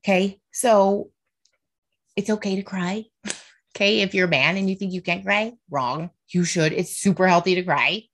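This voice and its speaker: A woman's voice: mid-range voice, moderate pace. Heartfelt woman doing a solo podcast, keeps saying right and okay, very open about faith and feelings. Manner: speaks openly about faith and emotions. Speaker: podcast host. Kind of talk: casual solo podcast monologue.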